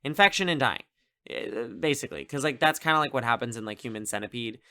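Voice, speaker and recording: A man's voice: medium pitch, fast, pushed and bright. A man co-hosting a podcast, recapping a film in a casual, rambling way full of "like" and "um" fillers. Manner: rambling, heavy use of "like" and "um" fillers. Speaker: podcast co-host reviewing a film.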